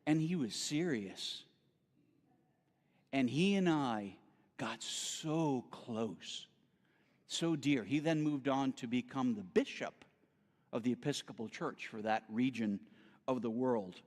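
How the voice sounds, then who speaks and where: A man giving a storytelling sermon as a guest speaker at a spiritual center, theatrical and animated. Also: mid-range voice, slow pace, long pauses. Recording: reverberant hall.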